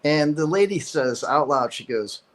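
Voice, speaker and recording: A man's voice: on the high side, lively intonation, a little slow, fairly bright tone, low-quality recording. A man from Chicago, a comedian guest telling stories casually with lots of fillers and laughs. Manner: laughs often, many fillers. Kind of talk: casual storytelling.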